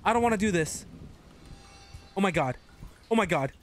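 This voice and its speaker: High-voiced excitable male game streamer. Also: normal speed, faint music behind. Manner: excitable, swears a lot, yelps when startled. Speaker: gaming streamer. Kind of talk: live gameplay commentary.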